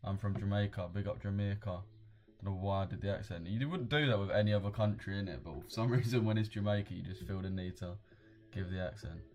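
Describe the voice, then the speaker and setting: A low-pitched, slightly mellow young British man talks fast with hardly any pauses, and the sound is lo-fi. Hosting a casual trading livestream, he chats in laid-back slang and reads out what viewers comment.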